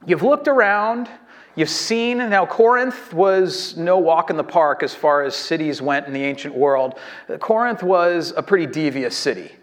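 A male pastor delivering a conversational, self-deprecating sermon. His speaking voice sits notably high for a man. He talks to the congregation like a friend, sprinkling in fillers and starting sentences over. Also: lively intonation, normal speed.

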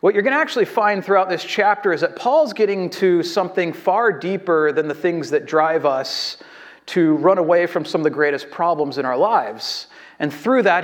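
A male pastor preaching a sermon in a conversational, self-deprecating way, using fillers and restarts. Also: on the high side.

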